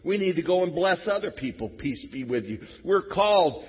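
A middle-aged pastor delivering a sermon in a church, his voice husky and a little breathy. He talks to the congregation conversationally, dropping to a hush and then rising to loud exclamations. The long reverb of the hall and a dull, lo-fi recording surround him. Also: fairly high pitch, animated, fairly quick, hardly any pauses. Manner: conversational, swings from hushed to shouting. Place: church sanctuary.

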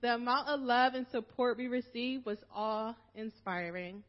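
A woman's voice: a little high, measured pace, highs cut off. A woman from Philadelphia reading a prepared farewell speech to her church, emotional and holding back tears. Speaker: minister's wife giving a farewell talk.

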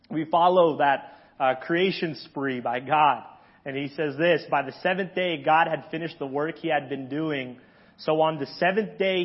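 A pastor preaching a sermon in a conversational way, often checking in with the congregation. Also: male voice, fairly high pitch, lo-fi sound. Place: church sanctuary.

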